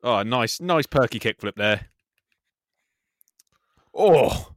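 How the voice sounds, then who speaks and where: Man, casual sweary skate video co-host, excitable, dry close sound. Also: fairly low pitch, brisk, no room sound. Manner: excitable, swears freely, says "mate" often. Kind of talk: casual reaction commentary.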